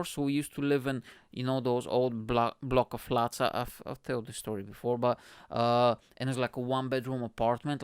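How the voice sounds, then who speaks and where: A man's voice: medium pitch, a little mellow, clean tone, no room sound. Young male comedian from Bulgaria, podcast host, rambling slangy storyteller; clean, resonant voice, close and dry. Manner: loose, slangy, says "bro" and "like" a lot. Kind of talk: casual storytelling monologue.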